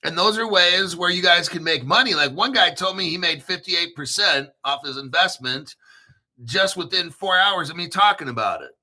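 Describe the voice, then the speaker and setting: A man hosting a crypto show in a casual livestream rant, profane and brash, often clearing his throat. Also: high voice, lively intonation, normal speed, bright, forceful tone.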